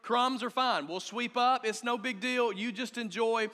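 A man preaching a lively, joking sermon as a pastor to his congregation. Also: very high-pitched, a little slow. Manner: upbeat, joking, rallying the congregation. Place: church auditorium. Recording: long hall reverb in a church.

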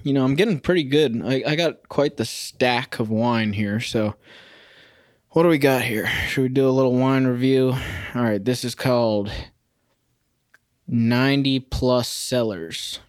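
Casting: young man, mid pitch, dry close sound, loose rambling solo-podcast host who amuses himself. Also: a little slow, no room sound. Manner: rambling and self-amused, sings snatches of a song. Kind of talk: casual solo podcast monologue. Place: home kitchen.

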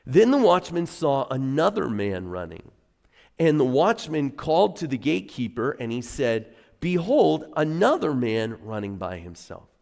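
A middle-aged male pastor delivers a sermon in an easy, storytelling way, punching certain words for emphasis. His voice sits at a middle pitch with a gravelly edge. The sound carries the long reverb of a church hall. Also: moderate pace. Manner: conversational storytelling, animated emphasis. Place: church sanctuary.

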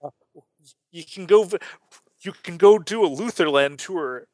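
A man hosting a casual Bible study talk, animated and full of restarts, playfully acting out voices as he tells stories. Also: sits high, unhurried, pauses often, no echo. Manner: animated, acts out quoted voices, frequent restarts. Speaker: podcast host teaching the Bible.

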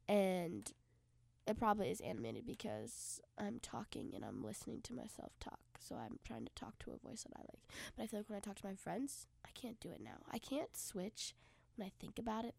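Gravelly, congested young woman chatting. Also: mid-range voice, no echo. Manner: often drops to a soft near-whisper. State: congested nose. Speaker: podcast co-host. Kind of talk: casual chat.

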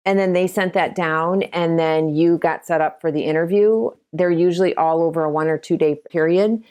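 A woman's voice: on the low side, fairly even intonation, normal speed, warm tone, clean tone. A middle-aged woman from Ohio, a realtor and broker, telling stories in a casual interview and acting out the quotes. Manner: chatty storytelling, acts out quotes. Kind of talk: conversational interview.

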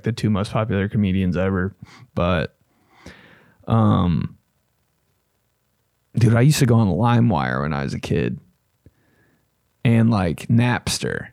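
A young man hosting a podcast, chatting casually in a loose, profane, rambling way with bursts of excitement. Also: medium pitch, dry recording, studio quality. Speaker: podcast host. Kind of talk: casual chat.

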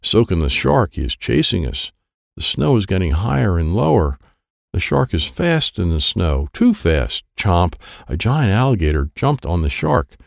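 Deep gravelly man reading a children's book. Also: sing-song, normal speed, dry recording, clean studio sound. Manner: simple first-person telling as a boy. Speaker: audiobook narrator. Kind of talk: children's storybook narration.

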